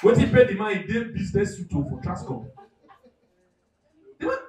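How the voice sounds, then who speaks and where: A man with a Nigerian accent doing live stand-up comedy, animated and loud, acting out characters and shouting punchlines. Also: high voice, normal speed, roomy sound, distant mic, background noise. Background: audience.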